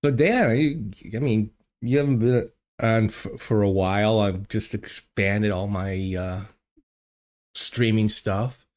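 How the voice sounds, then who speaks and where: A man's voice: fairly low pitch, takes it slowly, a little mellow. An older man hosting a casual livestream from his home studio, rambling and chatting with viewers through many fillers and restarts. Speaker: livestream host. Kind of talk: casual chat with live chat viewers. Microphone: desk microphone.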